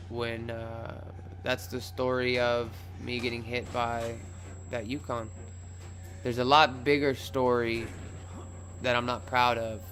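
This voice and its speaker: A man's voice: medium pitch, creaky. Profane young man telling a wild story. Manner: loose and profane, acts out his own shouts. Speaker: vlogger telling a personal story. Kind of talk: casual storytelling vlog.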